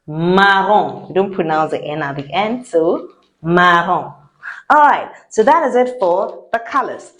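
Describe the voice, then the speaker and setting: A woman teaching a French lesson, saying each word slowly and repeating it for learners to copy. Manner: slow, deliberate, repeats each word with lively pitch. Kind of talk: language lesson with repeat-after-me drills.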